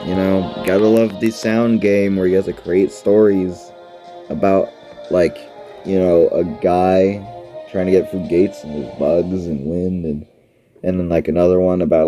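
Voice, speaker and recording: A man's voice: sits low, dark tone. A man giving offhand, rambling commentary while playing an app game, full of fillers and restarts.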